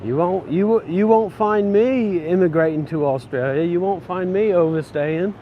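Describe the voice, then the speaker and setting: A man's voice: high voice, moderate pace, highs cut off, a little hiss or hum. A man vlogging while walking city streets, ranting in a frustrated, profane way. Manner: frustrated, swearing, grumbling.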